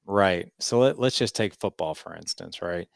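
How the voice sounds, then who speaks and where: A man in his forties, a podcast guest, telling a personal story in an animated way and acting out what others said. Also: low-pitched, normal speed, creaky, dry recording, studio quality. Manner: animated storyteller, lots of "I was like" quotes. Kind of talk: storytelling interview.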